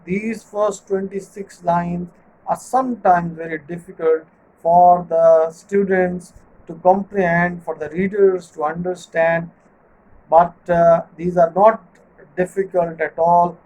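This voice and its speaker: Male lecturer, slow and methodical, rephrases everything for students. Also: sits high, fairly even intonation, a little mellow, poor audio. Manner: measured, repeats and rephrases points. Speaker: literature teacher. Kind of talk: recorded online lecture.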